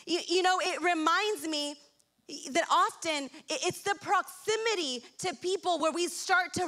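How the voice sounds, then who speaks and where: Woman pastor, high voice, lively conversational preaching, stumbling restarts. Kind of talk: sermon. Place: church.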